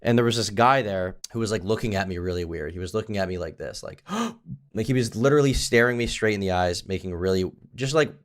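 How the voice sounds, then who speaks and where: A man hosting a livestream, talking casually and profanely, rambling with lots of filler and trailing off low. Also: fast talker, hardly any pauses. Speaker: streamer host.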